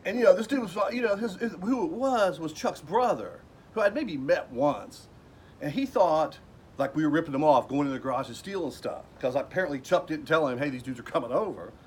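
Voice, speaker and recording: A man recounts a story from his past in a loose, rambling way, slipping into the voices of the people he quotes. His voice sits a bit higher than most men's. A faint background hiss runs under the recording. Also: animated, brisk. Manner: rambling, with fillers and restarts, acting out quoted people. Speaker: vlogger telling a personal story. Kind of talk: casual storytelling. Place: at home.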